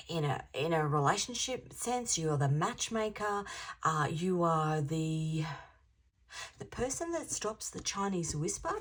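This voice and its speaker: A woman's voice: mid-range voice, husky. A woman reading tarot to camera in a chatty, rambling way, dropping into whispers to stress a point. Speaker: intuitive tarot reader.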